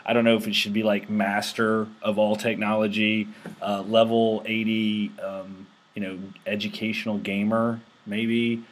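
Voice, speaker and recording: A man's voice: fairly low pitch, little pitch movement, unhurried. A man hosting a casual tech show, rambling with lots of fillers and restarts. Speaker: host. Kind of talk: casual screen-recorded tech chat.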